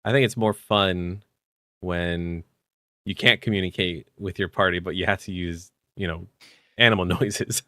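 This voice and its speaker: A man co-hosting a podcast, chatting casually about tabletop game rules with relaxed fillers. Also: low-pitched, normal speed, no echo, clean studio sound. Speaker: podcast co-host.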